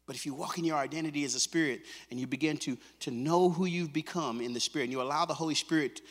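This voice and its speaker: A male pastor preaching a sermon. He moves between quiet, intimate asides and loud, fervent stretches, and he repeats his phrases with a casual "man" and "come on.". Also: on the high side, fast talker, in a large hall. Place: church sanctuary.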